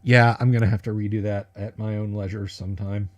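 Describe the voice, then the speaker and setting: A man's voice: lowish voice, flat delivery, a little fast, muffled recording. A man hosting a casual livestream at his computer, talking in a rambling, joking way with many fillers and restarts. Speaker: livestream host.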